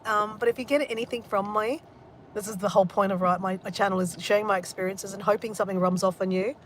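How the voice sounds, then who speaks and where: A woman's voice: mid-range voice, fairly bright tone. A woman vlogging in casual talk, candid and emotional, and swearing freely.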